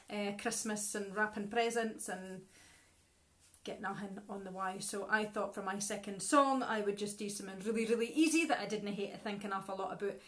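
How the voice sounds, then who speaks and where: A middle-aged Scottish woman, a singer and co-host, chatting casually and rambling to viewers of a live stream. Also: mid-range voice.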